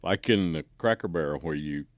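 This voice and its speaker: An easygoing man co-hosting a relaxed chat, tossing in short replies and old jokes. His voice sits very low. The sound is close and dry. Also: normal speed, no echo. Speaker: co-host. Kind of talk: casual chat.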